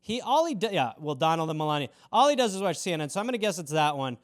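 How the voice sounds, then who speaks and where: A man's voice: a little high, big pitch swings, very fast, dry recording, studio quality. A man, hosting a casual solo show and riffing loosely on viewer suggestions in a rambling, self-mocking way. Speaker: host.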